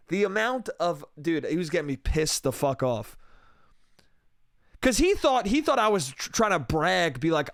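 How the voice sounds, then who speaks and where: A man hosting a comedy podcast, telling a story in an animated, heavily profane rant. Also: fairly high pitch, moderate pace, no echo, studio quality. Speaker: podcast host.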